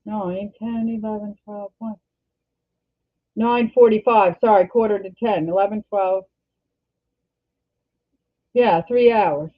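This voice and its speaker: An older Canadian woman hosting a casual livestream, talking in a rambling, halting way and often restarting her sentences. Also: medium pitch. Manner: rambling, halting, self-correcting. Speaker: livestream host. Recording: tinny phone-like sound.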